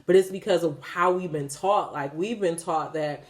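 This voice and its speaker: A spiritual vlogger in her thirties, with a fairly low voice and moderate pace, talks candidly about faith straight to her viewers. She's animated, swears freely and laughs as she goes.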